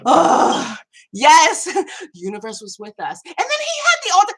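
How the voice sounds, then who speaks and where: A middle-aged woman hosting a casual live chat, animated and laughing, venting with lots of swearing. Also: very high voice, a little slow, noisy background. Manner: animated, laughing, ranting with profanity. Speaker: host.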